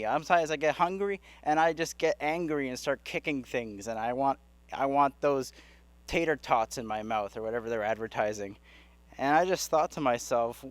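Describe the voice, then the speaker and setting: A man's voice: mid-range voice, moderate pace, no room sound. A man doing a rambling stand-up comedy set who chuckles at his own jokes. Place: live comedy club stage.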